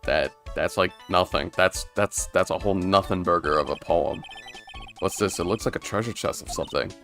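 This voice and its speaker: A man's voice: low voice, normal speed, fairly bright tone, faint music behind. A man streaming a video game, commenting casually and rambling with lots of filler words.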